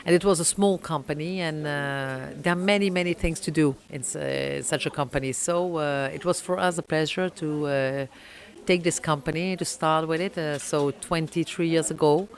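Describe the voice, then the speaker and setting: French-accented woman, halting answers. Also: deep voice. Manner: halting, many fillers, searches for English words. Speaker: oyster company owner. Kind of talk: interview answers.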